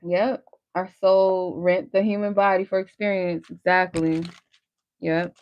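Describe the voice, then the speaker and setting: A woman's voice: lowish voice, little pitch movement, a little slow, muffled recording, slight background noise. A woman hosting a live tarot stream, giving casual spiritual guidance in a candid, encouraging way with some swearing. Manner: candid, conversational, salted with swearing; encouraging, motivational.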